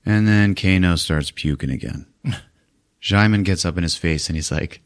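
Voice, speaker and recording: A man's voice: low-pitched, normal speed. A man hosting a podcast, casually recapping a film, swearing freely, laughing often and acting out the characters. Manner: profane, laughing, acts out scenes in voices. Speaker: podcast host.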